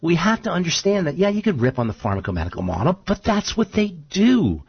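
Man, radio talk show co-host, lively pitch, husky, dry dull sound. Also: a little fast, dry recording. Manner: animated storyteller, voices quoted figures.

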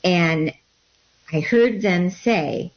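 A woman guest telling a personal story about becoming a healer, in a halting way with many fillers and restarts. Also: lowish voice, dull audio.

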